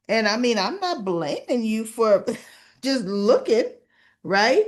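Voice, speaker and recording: Woman soap reviewer, casual recap chat, slow unhurried delivery, slightly high voice. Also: very animated. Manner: chatty, retells scenes with quoted voices and asides.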